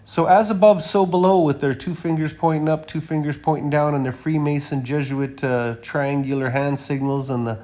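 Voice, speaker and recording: A man giving a rambling, emphatic monologue while walking through a slideshow of images, with frequent uh fillers and sudden loud stresses. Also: medium pitch, level tone, normal speed, hardly any pauses. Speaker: commentator presenting images.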